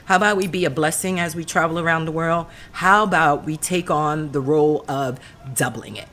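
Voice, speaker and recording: Woman from the US, travel vlog, very low pitch, bright edge, earnest. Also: fairly quick. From United States. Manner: earnest, preachy, repeats for emphasis. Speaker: travel vlogger.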